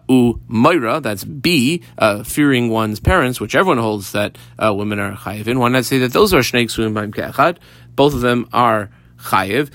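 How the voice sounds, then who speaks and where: A man's voice: medium pitch, fairly bright tone, no room sound. A man teaching a Talmud class. He explains it step by step and weaves Hebrew and Aramaic terms into his English. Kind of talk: daily page Talmud class.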